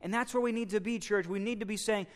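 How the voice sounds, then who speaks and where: Male pastor, slightly high and smooth voice, preaching with rising fervor. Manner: preaching, builds from low and measured to loud and excited. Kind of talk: sermon.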